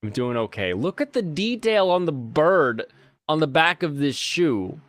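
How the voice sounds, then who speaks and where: A man hosting a casual podcast chat, animated, his voice jumping high when he gets exasperated. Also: unhurried, dry recording. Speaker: podcast host.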